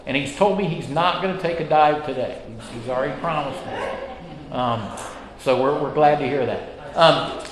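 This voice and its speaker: A man's voice: medium pitch, moderate pace, crowd noise. A man teaching a Sunday school class, chatty and self-deprecating, opening with jokes. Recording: echoey hall with reverb.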